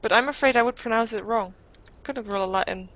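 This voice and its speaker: A woman's voice: fairly high pitch, fast, a bit bright. A woman giving live game commentary as caster, thinking aloud with playful asides and frequent restarts. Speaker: esports caster. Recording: dull lo-fi recording.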